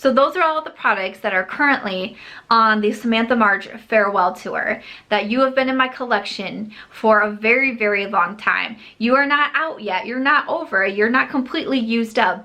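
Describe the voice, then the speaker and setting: A woman's voice: a little high, normal speed, pushed and bright. A woman beauty vlogger chatting casually to camera, emphatic and scolding herself with mock exasperation. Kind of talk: casual vlog chat.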